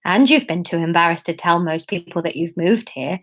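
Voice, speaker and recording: A woman's voice: lowish voice, moderate pace, fairly bright tone. Woman voicing a frazzled young woman. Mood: embarrassed, defensive. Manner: flustered, self-scolding exclamations. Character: anxious, self-mocking young woman, frazzled.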